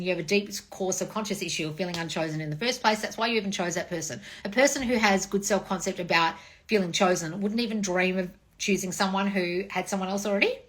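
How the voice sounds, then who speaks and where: A woman in her forties, a dating and manifestation coach, chatting casually on a livestream with blunt, profane tough love and swooping high replies. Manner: sweeping high "oh wonderful, darling" replies. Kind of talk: casual livestream chat reading comments.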